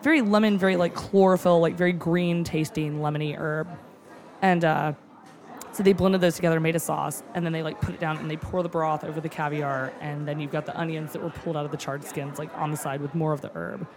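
A cook gushing about a tasting menu in casual chat, excitable and close to tears, with many fillers and some swearing. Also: medium pitch, fairly quick, over music. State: moved nearly to tears.

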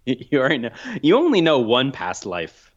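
A man in his thirties co-hosting a podcast in casual chat, with low-key, dry humor. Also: huge pitch swings, brisk. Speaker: podcast co-host. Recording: slightly dull, muffled sound.

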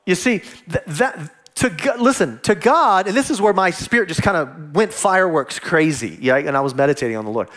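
Male pastor, sermon delivery, high and very animated, acts out the voices in his scripture stories. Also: moderate pace. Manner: animated preaching, acts out quoted dialogue.

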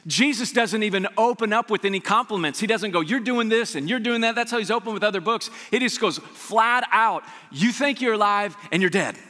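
A male pastor giving an energetic, conversational sermon full of rhetorical asides to the congregation. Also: high voice, brisk, few pauses, in a large hall.

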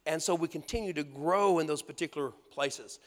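A man in his sixties preaching a sermon as pastor, folksy and animated, laughing often and acting out the voices he quotes. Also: fairly high pitch, a little fast. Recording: long hall reverb.

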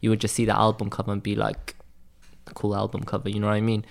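A man's voice: lowish voice, monotone, quick pace, gravelly. A man from Wales with a light Welsh accent, telling stories in a loose, chatty interview and filling his talk with "like" and "man". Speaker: graphic designer guest. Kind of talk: casual interview storytelling.

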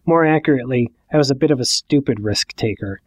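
A man in his forties telling a personal story in the first person, with wry, self-mocking, deadpan asides. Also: mid-range voice, fast, no echo. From Ohio. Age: 40s. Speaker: narrator.

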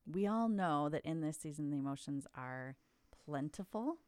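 Low-voiced woman podcast host. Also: animated, moderate pace, darkish tone, dry recording, studio quality. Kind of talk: casual podcast chat.

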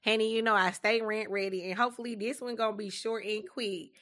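A young adult woman co-hosting a podcast, telling a story as a casual rant, animated, loud and dramatic, laughing often. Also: mid-range voice, a little fast. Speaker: podcast co-host.

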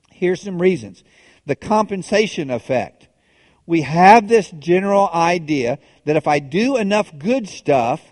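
Pastor preaching in a hall. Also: male voice, fairly high pitch, darkish tone. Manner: conversational preaching with restarts and rhetorical questions. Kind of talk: sermon.

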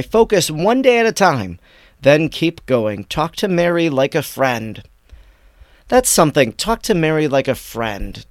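A man hosting a devotional podcast, reading tweets aloud and reflecting on them in warm commentary. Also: medium pitch, no echo, studio quality. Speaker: podcast host.

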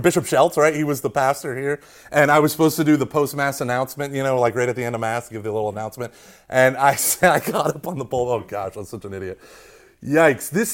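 A man giving an animated, conversational preaching talk to a young audience, often asking "right?" and poking fun at himself. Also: fairly high pitch. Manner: conversational, keeps asking "right?", self-mocking humor, acts out quotes. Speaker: speaker at a Catholic youth talk.

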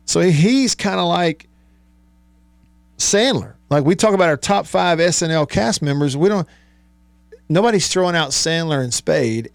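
Radio host guy, rambly and laughing, kinda high voice, dead dry studio sound. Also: no echo. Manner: chatty, rambling, laughs often, reads sponsor plugs. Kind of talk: casual sports-talk radio chat.

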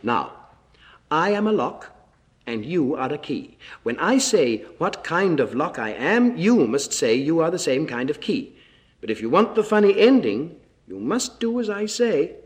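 A man's voice: a little high, big pitch swings, moderate pace. A man hosting a children's radio program, leading rhyme games and reciting tongue twisters in a friendly, teacherly way.

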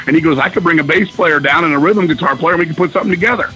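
A brash man tells a story in a bright, pushed voice that sits a little high. He swears freely and acts out what people said. Faint music plays underneath. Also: rapid-fire, few pauses, poor audio. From Virginia, US. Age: 50s. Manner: profane, excitable, acts out quoted dialogue. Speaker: guest musician. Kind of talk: casual interview storytelling. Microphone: phone call-in.

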